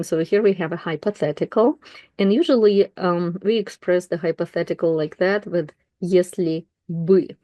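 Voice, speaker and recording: Low, mellow-voiced Russian-speaking woman teaching. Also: no room sound. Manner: relaxed, thinking aloud with fillers and self-corrections. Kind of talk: explaining a text while reading aloud.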